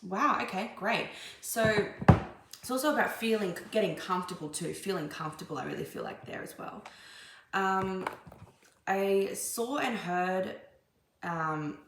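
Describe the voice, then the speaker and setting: Gravelly-voiced woman tarot reader, echoey room. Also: mid-range voice, lively intonation, measured pace, background noise. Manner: meandering, many ums and restarts. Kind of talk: casual spiritual channeling monologue.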